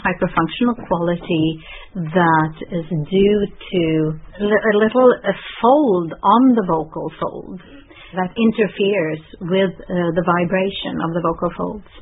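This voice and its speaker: Woman expert, low and tinny. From Scandinavia. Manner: deliberate, explanatory, demonstrates voices. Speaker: voice specialist guest. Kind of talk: explanatory interview. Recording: tinny lo-fi line with faint noise.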